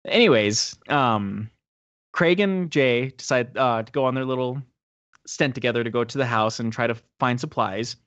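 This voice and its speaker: A man's voice: moderate pace, dry recording, dull audio. A man co-hosting a podcast, casually recapping a movie and acting out its scenes. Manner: animated retelling, acting out quotes in a high squeaky voice. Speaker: podcast co-host.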